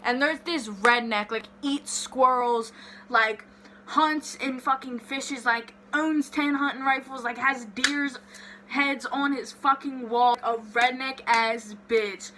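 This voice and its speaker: A young woman vlogger telling a story in a casual, animated way, swearing freely and saying "like" a lot. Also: high-pitched, slow, a little hiss or hum.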